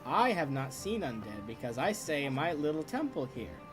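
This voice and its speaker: A man plays a grumpy old priest who hobbles on a crutch and snaps at everyone. His tone is lively and impatient. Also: a little high, moderate pace, music in the background, voice pushed down. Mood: curt. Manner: curt, scolding, impatient.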